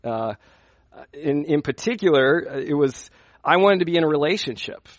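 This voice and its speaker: A man's voice: a little high, expressive, normal speed, dry recording, dull audio. A young man preaching at a youth conference in a conversational way, asking his listeners questions as he teaches. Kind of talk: sermon.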